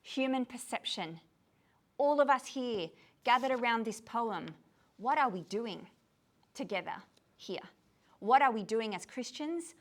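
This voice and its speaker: A woman's voice: fairly high pitch, a little slow, pauses often. A tired woman leading a poetry discussion, asking her audience lots of questions in an informal lecture to a room of people. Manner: animated, asks the audience many questions.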